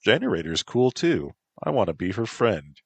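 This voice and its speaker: A man's voice: lowish voice, big pitch swings, normal speed, vocal fry, husky, no room sound, pitched above the performer's own voice, full character voice. A man voicing an earnest, heartsick young man who talks plainly.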